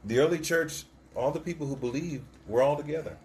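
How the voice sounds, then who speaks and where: A man co-hosting a casual faith chat, telling stories with animated quoted voices and frequent laughs. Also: a little high, brisk, slight background noise. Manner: storytelling, animated, acts out quotes, laughs often. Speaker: co-host of a church podcast.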